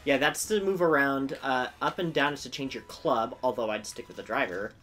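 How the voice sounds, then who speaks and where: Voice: mid-range voice, normal speed, very noisy. A laid-back co-player in a casual let's-play, explaining controls with many fillers.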